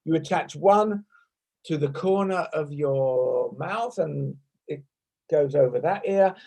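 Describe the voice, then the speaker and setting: A British man leads a laughter yoga class over a video call from his desk microphone. His voice sits high for a man, and he talks slowly. He keeps things playful and chatty, with sudden bursts of laughter. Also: vocal fry, darkish tone, poor audio. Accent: British English. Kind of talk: leading a group exercise over video call. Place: at a desk at home.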